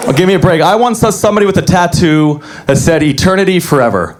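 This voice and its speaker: A young man doing a deadpan, self-deprecating stand-up comedy set on a club stage. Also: high voice, fast, crowd noise.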